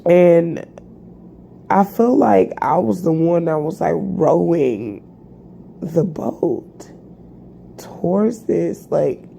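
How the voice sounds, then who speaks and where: Low, gravelly, slow-talking woman. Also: animated, warm tone, slight background noise. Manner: rambling, halting, many fillers and restarts. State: tired, yawning. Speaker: spiritual vlogger. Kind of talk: reflective personal monologue.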